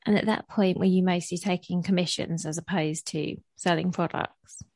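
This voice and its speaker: A woman's voice: fairly low pitch, fairly even intonation, normal speed, darkish tone. A woman hosting a podcast interview who asks questions and gives short, sympathetic reactions. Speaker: podcast host.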